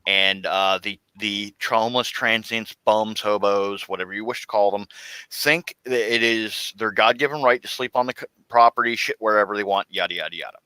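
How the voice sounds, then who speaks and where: A man, a security officer, telling stories in an animated way in a casual chat. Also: fairly low pitch, normal speed, clear, resonant tone, dry recording, poor audio. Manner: animated storyteller.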